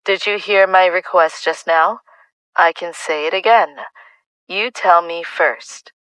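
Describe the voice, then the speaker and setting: A woman reading an audiobook, voicing a calm, prying young man who speaks evenly and coldly. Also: lowish voice, unhurried, dry recording, rough recording. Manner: calm, even, coaxing.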